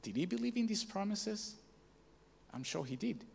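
A man's voice: sits high, sing-song, moderate pace, creaky, husky. A man giving a sermon, telling a story with many fillers and restarts and rising emphatic peaks, in a church hall. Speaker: preacher.

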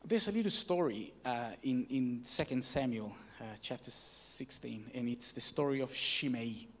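A man's voice: mid-range voice, normal speed, fairly bright tone. A man giving a sermon, telling a story with many fillers and restarts and rising emphatic peaks, in a church hall. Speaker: preacher.

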